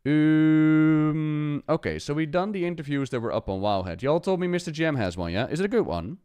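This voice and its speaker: A man, chatty and excitable, commenting live to his stream chat and talking to the game. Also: on the high side, moderate pace, clear, resonant tone, no room sound, muffled recording.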